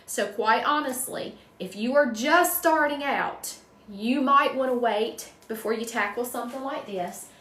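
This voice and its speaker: A woman from North Carolina with a Southern accent chats casually on a live stream, greeting viewers by name while she designs a wreath. Her voice is a little high and fairly bright, at a measured pace. The distant mic gives a roomy echo.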